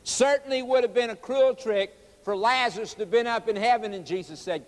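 A man's voice: very high voice, fairly quick, hardly any pauses, big-room sound. A man preaching a sermon, quoting scripture aloud and asking his listeners rhetorical questions with emphatic force. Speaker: evangelist.

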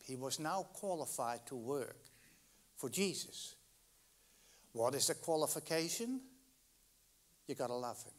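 Slow, dramatic male preacher. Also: lively intonation. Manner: dramatic storytelling with wide swings in loudness and pitch; slow, deliberate delivery with long pauses. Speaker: pastor. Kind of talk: sermon.

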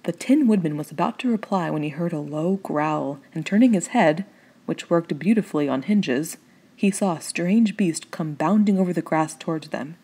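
Woman with a dark, husky voice reading a story. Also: fairly low pitch, moderate pace. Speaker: audiobook reader. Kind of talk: storybook narration.

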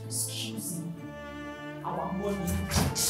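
A woman's voice: fairly low pitch, flat delivery, slow pace, echoey room, loud music behind the voice. An actress playing a scornful, sarcastic young woman with a Nigerian accent, scolding her idle boyfriend.

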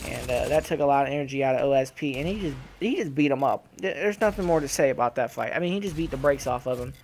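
A young man giving casual, profane reaction commentary on fights, animated and trash-talking. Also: mid-range voice, fast, a little hiss or hum. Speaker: gaming channel host.

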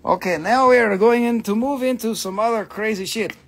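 A man with a high-pitched voice talks a little fast while hosting a live stream sale of rocks and crystals. His casual chat is full of profane, teasing jokes, and he trails off with repeated fillers when he gets flustered.

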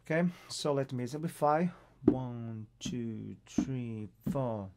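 A man's voice: medium pitch, takes it slowly, a little mellow, a little hiss or hum. A man from Portugal with a Portuguese accent, teaching a guitar lesson and counting beats patiently. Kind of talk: guitar tutorial. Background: acoustic guitar playing.

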